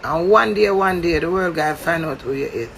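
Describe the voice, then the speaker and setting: A man's voice: on the high side, brisk, gravelly, fairly bright tone. A man with a Jamaican accent delivering a heated, confrontational rant, swearing and lecturing.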